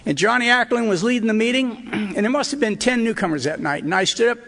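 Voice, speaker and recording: A man's voice: extremely high pitch, quick pace, few pauses, bright, forceful tone. An older man sharing his personal recovery story at a meeting, earnest and emotional, with wry asides. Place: hotel meeting hall. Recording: reverberant hall recording.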